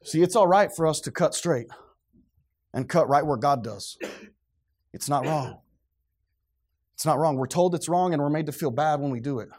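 A fairly high-voiced man preaching to a congregation. He is animated and theatrical, acting out scenes, dropping to quiet low passages and then climbing to shouts. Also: a little fast. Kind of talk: sermon.

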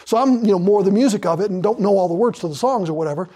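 A man's voice: high voice, animated, racing, warm tone, breathy edge. A man preaching a sermon with fervor, hammering points through repetition and drawing out scripture for emphasis.

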